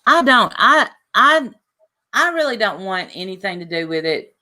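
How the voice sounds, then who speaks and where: A woman's voice: medium pitch, moderate pace. A woman hosting a livestream in casual, rambling chat with lots of asides. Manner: chatty, rambling, lively asides. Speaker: livestream host.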